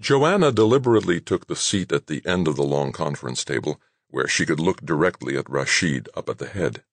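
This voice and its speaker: Deep, husky audiobook narrator. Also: male voice, brisk, no room sound. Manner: expressive storytelling.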